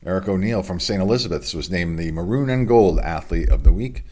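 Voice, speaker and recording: Deep-voiced man reading local sports news. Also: brisk, a little mellow. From United States. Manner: chatty, offhand asides between announcements. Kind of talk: casual local sports report. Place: home studio.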